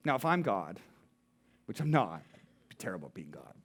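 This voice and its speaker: A married man who preaches as a pastor, posing rhetorical questions and slowing down for emphasis. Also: low voice, very animated, husky. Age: adult, married. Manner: rhetorical questions, dramatic slowing on key words. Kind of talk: sermon.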